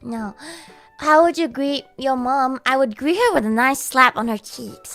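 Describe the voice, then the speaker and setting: A woman streamer with a hoarse, worn-out voice, chatting casually to her viewers, giggly, animated and swearing freely. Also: high voice, unhurried, faint music behind. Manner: animated, giggly and foul-mouthed.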